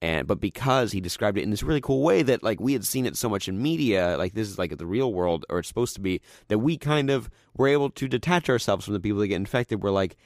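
A young man chatting casually and retelling stories with lots of fillers, dropping into a low, quiet voice when he quotes characters. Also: lively intonation, quick pace, few pauses, no room sound, studio quality.

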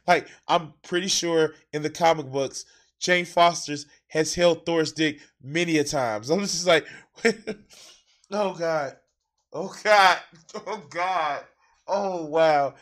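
A man's voice: fairly high pitch, slow pace, a bit bright. A man hosting a reaction video, talking casually with profane, exasperated outbursts.

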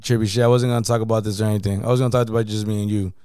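Fast-talking man telling a slangy story. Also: lowish voice, level tone, a little mellow, smooth, no room sound, studio quality. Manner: slangy, profane, constant "you know what I mean". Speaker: podcast co-host. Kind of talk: casual storytelling chat.

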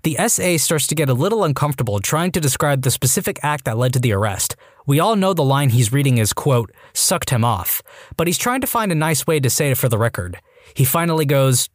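A man narrates a string of short stories in a scripted read. His pitch rises and falls freely as he tells them. The sound is close and dry, with no room around it. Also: sing-song, a little fast, no echo. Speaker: narrator reading online stories.

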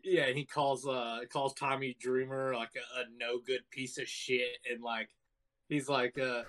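A man's voice: mid-range voice, normal speed. Man telling stories on a podcast. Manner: animated storytelling, swearing, acting out quotes. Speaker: podcast co-host. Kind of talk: casual chat.

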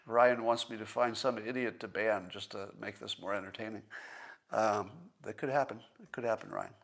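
A man hosting a livestream in a casual commentary style, thinking aloud and slowing down to stress his points. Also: fairly low pitch, steady tone, gravelly. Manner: conversational, thinks aloud with restarts and small laughs. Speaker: livestream host.

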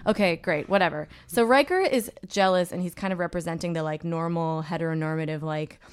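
A woman's voice: on the low side, a little fast, few pauses, clear, resonant tone. Rambling woman podcast co-host. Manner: rambling explainer, many fillers and restarts. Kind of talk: casual chat.

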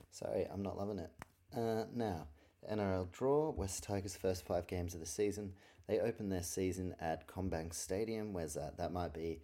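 A man's voice: low voice, mellow. A man hosting a podcast from his room at night, chatting casually, swearing often and drifting off topic. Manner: rambling, swears a lot, easily sidetracked. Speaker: podcast host. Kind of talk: casual solo sports talk.

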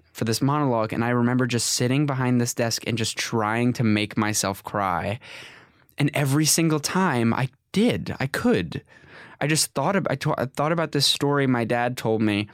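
Give me a man in his twenties casually telling animated stories, with a dry, close sound. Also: mid-range voice, no echo. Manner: rambling, animated, with restarts and self-corrections. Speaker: actor, guest. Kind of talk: casual storytelling interview.

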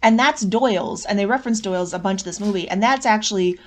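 A woman guest on a podcast, chatting casually about a film, animated and saying "like" often. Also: medium pitch, quick pace. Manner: animated, says 'like' often, acts out lines. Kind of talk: casual movie review chat.

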